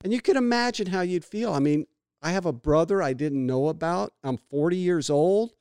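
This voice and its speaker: A middle-aged man co-hosting a podcast, telling stories in a lively way and laughing often. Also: fairly high pitch, moderate pace, smooth, no echo, studio quality. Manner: animated storyteller who laughs often. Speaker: podcast co-host. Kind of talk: casual chat.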